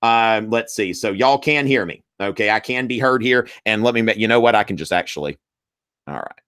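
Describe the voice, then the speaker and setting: A man's voice: lowish voice, a little fast, fairly bright tone. A man, hosting a live-streamed history review, chatty and full of fillers, calling the viewers y'all.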